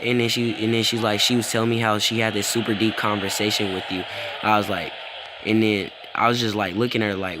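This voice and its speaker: A man's voice: fairly low pitch, fairly quick. A teenage boy casually telling a rambling story, acting out both sides and filling it with "bro" and "like". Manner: rambling, animated retelling with lots of "bro" and "like". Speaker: vlogger. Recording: noticeable background noise.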